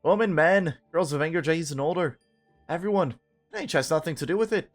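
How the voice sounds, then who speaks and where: A man's voice: a little high, a little fast, faint music behind, natural voice. A man voicing a gossipy, folksy middle-aged mother in a game, chatty and fond of homespun phrases.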